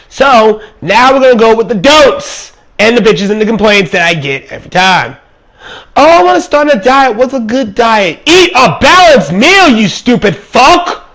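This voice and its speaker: A young man delivering an angry, sarcastic, profanity-filled comedic rant, mocking and shouting at his listeners. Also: very high voice. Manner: angry, sarcastic, swearing constantly, shouts and mocks. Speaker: vlog ranter.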